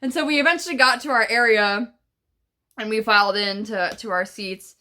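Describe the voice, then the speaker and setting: A woman telling a casual storytime to camera, chatty and profane, full of fillers and animated retellings of what she said. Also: on the high side, normal speed. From New York. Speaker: vlogger.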